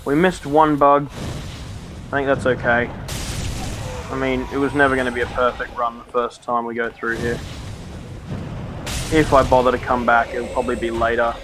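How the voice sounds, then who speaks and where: A man's voice: medium pitch, little pitch movement, moderate pace, long pauses, background noise. A man commentating his own gameplay on a live stream, muttering, grumbling and swearing to himself at a desk microphone. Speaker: game streamer.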